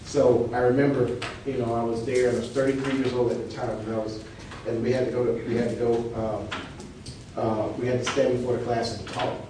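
A male preacher, telling an animated testimony and acting out the people in his story. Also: mid-range voice, a little fast. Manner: animated storyteller, acts out quotes with laughter. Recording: echoey hall, distant mic, noisy.

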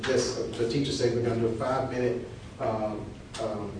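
A male preacher, telling an animated testimony and acting out the people in his story. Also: medium pitch, normal speed. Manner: animated storyteller, acts out quotes with laughter. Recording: echoey hall, distant mic, noisy.

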